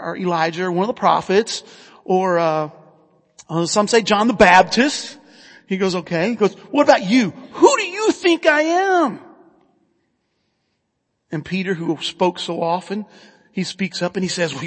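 A pastor, a man with a high and fairly bright voice, gives an earnest, conversational sermon and asks his listeners questions throughout. His words echo with a long reverb, as if he's in a large hall.

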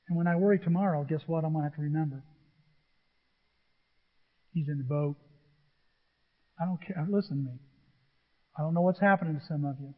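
A man preaching a sermon as pastor, swinging between loud declarations and quiet asides. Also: fairly high pitch, fairly quick, pauses often. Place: church sanctuary. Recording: dull echoey sanctuary sound.

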